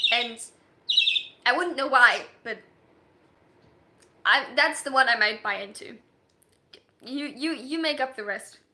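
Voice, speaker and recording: A woman livestreaming as a story writer, chatting casually with her viewers in an animated way and laughing often. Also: high voice, a little hiss or hum. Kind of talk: casual livestream chat, reacting to viewers' messages.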